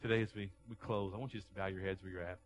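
A man preaching a sermon as a pastor, moving between quiet, low passages and loud, raised delivery, often repeating words as he goes. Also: fairly even intonation, rapid-fire, a little hiss or hum, low-quality recording. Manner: repeats words and restarts phrases while preaching.

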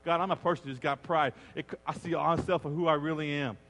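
A middle-aged man preaching a sermon as a pastor, animated and acting out the voices he quotes. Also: fairly high pitch, a little fast. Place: church sanctuary. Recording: long reverb of a large church hall.

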